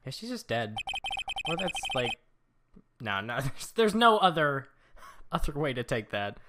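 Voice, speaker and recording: A man's voice: mid-range voice, very animated, measured pace, bright, forceful tone, slight background noise. A man casually commenting while playing a story game, with wry, self-mocking asides. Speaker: streamer.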